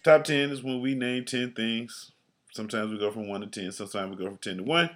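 A man's voice: medium pitch, fairly quick. A man co-hosting a casual comedy podcast, talking loosely and profanely, laughing often and stammering into his points. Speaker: podcast co-host.

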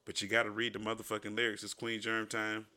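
A man's voice: lowish voice, completely flat delivery, fast, pushed and bright. A man hosting a comedy show, acting out an improvised sketch, teasing and stammering, laughing often.

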